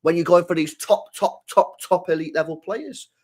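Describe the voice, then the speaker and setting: A man talks football on a podcast in a lively, unfiltered way, swearing freely and playing out the calls between clubs and players. His voice sits fairly high for a man. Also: moderate pace. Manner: animated, swears a lot, acts out quoted voices. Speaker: podcast co-host. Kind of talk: casual football chat.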